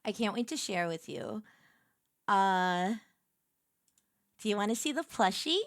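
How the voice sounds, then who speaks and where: A woman streamer chatting casually on a live stream. She gushes with excitement and thanks her viewers effusively. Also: mid-range voice, measured pace, no room sound, studio quality.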